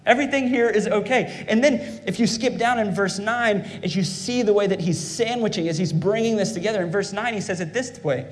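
Male pastor preaching hard, high voice, lots of echo from a big church. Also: brisk, few pauses. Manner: fervent preaching, calls to congregation. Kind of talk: sermon. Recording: long hall reverb.

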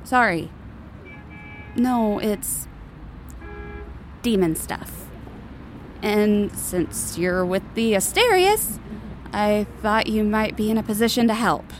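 A woman voicing a nervous, evasive female demon who is a mother in an audio drama, speaking in a hesitant, halting way. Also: medium pitch, animated, slight background noise.

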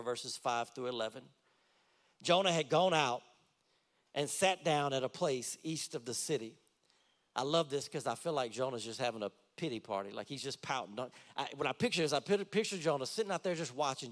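A pastor preaching a sermon in a conversational way, reading scripture aloud and adding personal asides. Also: male voice, mid-range voice, fairly bright tone. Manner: reads scripture aloud between comments.

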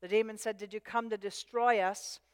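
A woman's voice: medium pitch, steady tone, normal speed, smooth. Emphatic woman preaching in a hall. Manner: emphatic, repeats key phrases. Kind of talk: sermon. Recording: long hall reverb.

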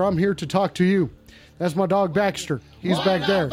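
A man's voice: high-pitched, normal speed, music in the background. A man hosting a comedic call-in show in character, brash and profane and often repeating himself. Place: indoors at home.

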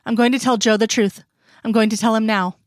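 A woman's voice: fairly high pitch, steady tone, brisk, dry recording, clean studio sound, natural voice. A woman voicing a remorseful, tearful grown daughter in a story reading, pleading and apologetic.

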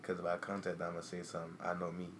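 A man's voice: low-pitched, completely flat delivery, very fast, noisy background. A man co-hosting a casual podcast, talking bluntly, swearing freely and acting out what he would say. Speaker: podcast co-host. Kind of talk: casual chat.

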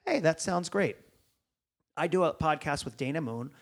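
A man, a comedian guest on a podcast, telling an animated story, acting out phone calls and swearing freely. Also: fairly high pitch, moderate pace, vocal fry.

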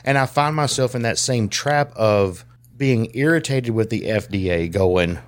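A man in casual chat who swears constantly and rambles in an animated way. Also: medium pitch, a little slow.

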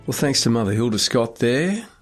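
A man hosting a faith radio show, presenting in a relaxed, chatty way with a few restarts. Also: medium pitch, normal speed, faint music behind. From Australia. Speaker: radio host.

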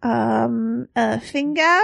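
A woman voicing a shy young French princess in a comic scene, with a put-on French accent and halting, broken English. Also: a little high, creaky, fairly bright tone, no room sound, full character voice. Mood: playful.

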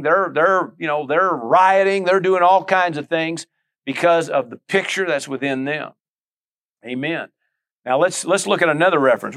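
A man's voice: on the high side, fairly bright tone. A middle-aged male pastor preaching a conversational sermon, full of asides, repeated phrases and calls to the listeners.

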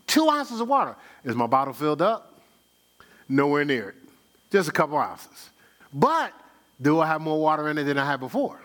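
A man preaching a sermon in a folksy, conversational way, voice swinging high for emphasis and low for asides, with chuckles and repeated words. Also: very animated, moderate pace, long pauses, a bit bright. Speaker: pastor.

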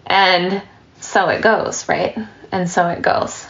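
A woman giving a dharma talk as a meditation teacher, relaxed and storytelling, with light laughs and asides. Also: fairly low pitch, takes it slowly, gravelly, highs cut off.

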